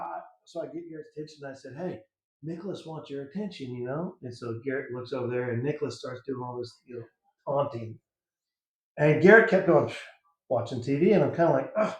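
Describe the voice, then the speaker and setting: Guy telling a funny story on a show, kinda high voice, mellow tone, acts out quotes, echoey room, dull sound. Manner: animated, laughing storyteller who acts out quotes. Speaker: interview guest. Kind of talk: casual storytelling.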